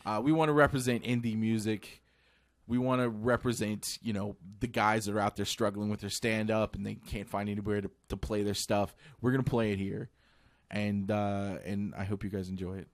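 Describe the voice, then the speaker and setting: A man's voice: on the low side, steady tone, moderate pace, no echo. A man hosting a casual radio show, talking earnestly and rambling with restarts, slightly out of breath.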